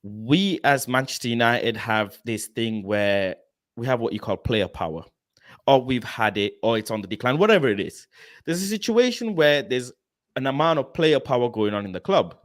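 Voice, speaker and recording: A man hosting a live football fan talk show, chatty and quick to laugh. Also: medium pitch. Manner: chatty, laughing, animated questions. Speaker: host.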